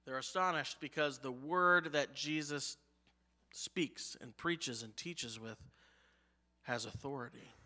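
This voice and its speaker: A man's voice: medium pitch, takes it slowly, sharp tone, in a large hall. A male pastor preaching a sermon, emphatic, asking the congregation rhetorical questions. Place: church sanctuary.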